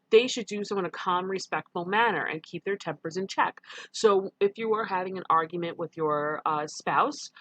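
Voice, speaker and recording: A woman's voice: medium pitch, fairly bright tone, no echo. A middle-aged woman, giving a casual lecture and often correcting herself with ums. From New York. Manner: conversational, with frequent ums and self-corrections. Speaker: teacher. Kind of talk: recorded online lecture.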